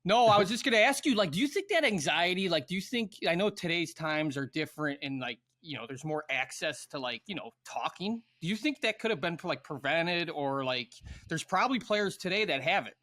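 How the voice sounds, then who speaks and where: A man's voice: fairly high pitch, animated, fairly quick, few pauses, bright, forceful tone. A man hosting a podcast, joking around and asking rambling questions in casual chat. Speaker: podcast host.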